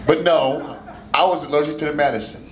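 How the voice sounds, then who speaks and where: A man's voice: fairly high pitch, fairly even intonation, fairly quick, background noise. Laughing man doing stand-up in an echoey club. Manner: loose, laughing storytelling with shouted bursts. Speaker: stand-up comedian. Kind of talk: stand-up comedy set. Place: small jazz club at an open mic.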